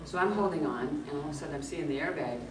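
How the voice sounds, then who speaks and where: A woman guest at a convention Q&A, telling a lively anecdote, acting out the quotes and laughing often. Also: deep voice, rapid-fire, a loud crowd. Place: large echoey convention hall. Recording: echoey hall, distant mic, background noise.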